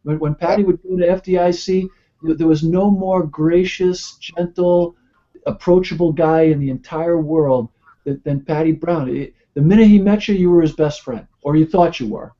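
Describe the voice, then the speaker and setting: A man's voice: on the high side, normal speed, warm tone. A man on a panel talking earnestly, stumbling on his starts and then speaking with conviction. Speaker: guest, fire captain. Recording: muffled lo-fi web call audio.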